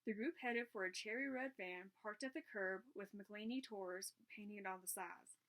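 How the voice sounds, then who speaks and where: Woman reading a kids mystery book out loud, medium pitch, steady. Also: unhurried. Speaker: narrator reading a children's mystery book aloud. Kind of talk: reading aloud.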